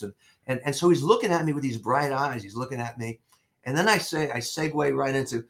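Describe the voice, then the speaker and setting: Older man telling a case story, animated. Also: medium pitch, fairly quick. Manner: animated storyteller with many restarts. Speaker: interview guest, former investigator. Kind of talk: casual storytelling interview.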